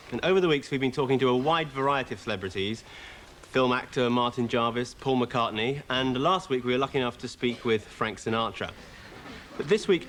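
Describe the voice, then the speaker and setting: A man's voice: mid-range voice, a bit bright, slight background noise, lightly acted. A man playing a polite, patient chat show interviewer with reassuring presenter patter, in a studio sketch.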